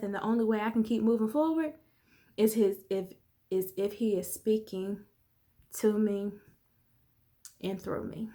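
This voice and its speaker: A woman's voice: medium pitch, a little slow, pauses often, mellow. A woman life coach in her thirties, talking candidly and conversationally to viewers in a motivational vlog. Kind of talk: casual motivational vlog talk.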